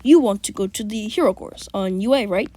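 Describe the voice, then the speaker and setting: A woman voicing a patient adult male schoolteacher who calms his class. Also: mid-range voice, brisk, no echo, close to an everyday voice.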